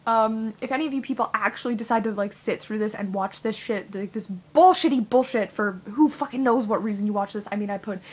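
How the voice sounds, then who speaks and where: A woman's voice: fairly high pitch, fairly quick, hardly any pauses, a little mellow, husky. Rambling, swearing young woman vlogger. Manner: rambling, heavy swearing, filler-laden. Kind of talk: rambling casual vlog.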